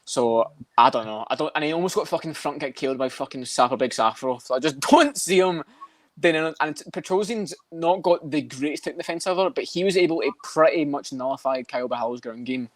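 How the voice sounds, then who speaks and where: Fast-talking man, profane chat. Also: fairly high pitch, dry recording. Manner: profane, laughing, rambling. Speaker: podcast co-host. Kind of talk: casual chat about MMA.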